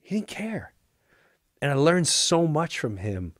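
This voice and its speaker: A male comedian telling a story in an animated, profane way, acting out the other people's voices. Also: fairly high pitch, slow pace, no echo, clean studio sound. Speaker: comedian guest.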